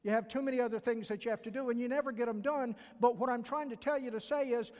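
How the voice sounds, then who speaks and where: A man's voice: extremely high pitch, steady tone, fast, darkish tone. An older man with a Southern accent and a stutter preaching a sermon at church, earnestly repeating key phrases and acting out quoted voices. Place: church sanctuary. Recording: long reverb from a large hall.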